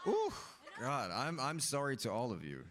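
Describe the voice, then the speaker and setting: A man's voice: medium pitch, huge pitch swings, normal speed, a bit bright, some chatter behind. A man speaking on a panel in front of an audience, laughing often and rambling in a self-deprecating way. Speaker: actor on a panel. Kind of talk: casual panel Q&A. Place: room with a live audience.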